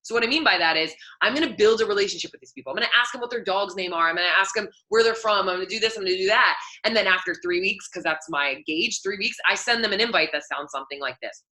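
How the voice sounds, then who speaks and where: A woman's voice: mid-range voice, quick pace, few pauses, pushed and bright, low-quality recording. A woman fitness coach talking casually and candidly to her team, full of fillers and asides. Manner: chatty, filler-heavy, candid. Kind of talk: casual live coaching talk.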